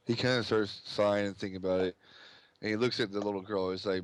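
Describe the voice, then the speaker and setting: A man's voice: lowish voice, steady tone, fast, dry recording. A man narrating as game master in loose, casual speech with fillers.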